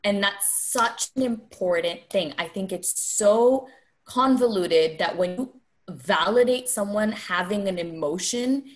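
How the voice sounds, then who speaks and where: A young woman speaking as a podcast guest in a measured, earnest, reflective way. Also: mid-range voice. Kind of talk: reflective conversation.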